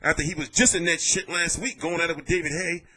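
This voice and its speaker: A man giving casual vlog commentary on boxing, telling it in an animated, jokey and profane way. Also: fairly high pitch, quick pace.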